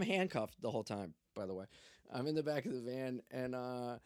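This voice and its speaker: A man's voice: medium pitch, expressive, brisk, no echo, clean studio sound. A young man telling a story in a loose, profane, joking way. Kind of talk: casual storytelling.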